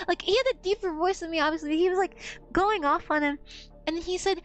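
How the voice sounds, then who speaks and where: A woman's voice: very high voice, a little fast, soft background music. A woman streamer telling a story in a blunt, profane, rambling way. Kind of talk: casual storytelling on a gaming stream.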